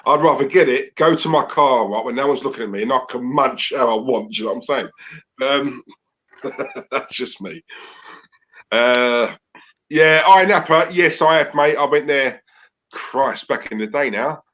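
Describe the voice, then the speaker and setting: A man's voice: mid-range voice, a little slow, a bit bright. A man co-hosting a casual banter show, chatty and frank. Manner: chatty, laughs often, frank. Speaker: co-host.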